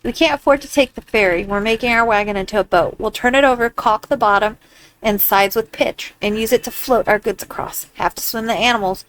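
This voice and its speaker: A woman reading the lines of a practical pioneer woman in a video game, in a brisk tone. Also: on the high side, fairly bright tone, natural voice, poor audio. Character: practical pioneer woman planning a river crossing.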